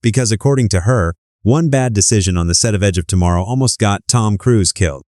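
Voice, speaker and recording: A man's voice: fairly low pitch, brisk, a little mellow, slight background noise. A man reading wry, scripted narration that links clips together.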